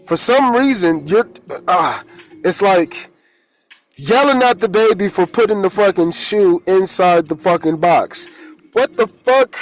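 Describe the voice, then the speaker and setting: High-voiced man rambling with soft music. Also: a little slow, rough recording. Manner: rambling, swears, heated. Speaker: holistic coach. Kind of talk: casual spiritual talk.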